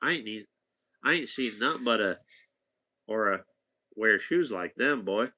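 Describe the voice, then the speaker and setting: A man briefly voicing a gruff, drawling rural man who lives in a trailer, speaking haltingly. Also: lowish voice, expressive, bright, forceful tone, exaggerated voice.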